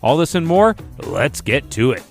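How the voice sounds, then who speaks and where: A man's voice: mid-range voice, very animated, moderate pace, creaky, soft background music. An American man hosting a language-learning podcast in a casual, playful way, joking through his intro and reading listener reviews. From United States. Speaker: podcast host.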